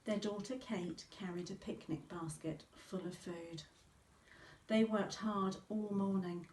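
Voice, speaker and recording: Pupils listen as a woman reads them a storybook, her medium-pitched voice slow and full of expression. The sound carries echo from the room and comes from some distance off.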